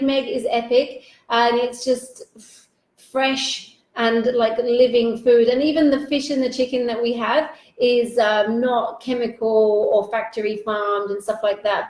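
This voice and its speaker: A woman's voice: on the high side, steady tone, a little slow, a little mellow. A woman hosting a live interview, gushing and effusive, reading out viewer comments in a casual, swearing-friendly way. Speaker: host. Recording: echoey room.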